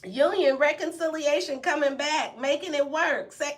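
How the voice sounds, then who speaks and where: A woman's voice: high voice, moderate pace. A woman giving a casual tarot reading to camera, playful and brash, swearing and acting out reactions. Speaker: tarot reader.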